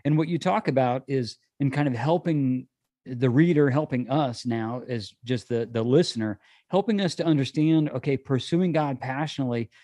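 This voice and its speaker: A man's voice: mid-range voice, mellow, no echo. Affirming man hosting a podcast. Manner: affirming, quick to agree, lays out points in order. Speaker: podcast host. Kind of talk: casual interview chat.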